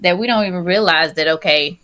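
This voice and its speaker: A woman with a bright, sharp voice chats on a relaxed podcast. She talks in a playful, easygoing way, tossing in little quoted asides. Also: lowish voice, brisk. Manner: chatty, playful, laughs often. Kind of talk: casual podcast conversation.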